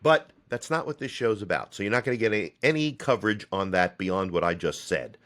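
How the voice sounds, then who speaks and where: A man's voice: on the low side, expressive, brisk, a bit bright. A man from the United States who heads a theater company, hosting a solo podcast. He rambles, pokes fun at himself and drops sarcastic asides.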